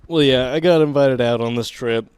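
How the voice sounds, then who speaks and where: A man's voice: mid-range voice, normal speed, a little mellow, smooth. A man co-hosting a podcast in casual chat, laid-back and laughing along often. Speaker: podcast co-host.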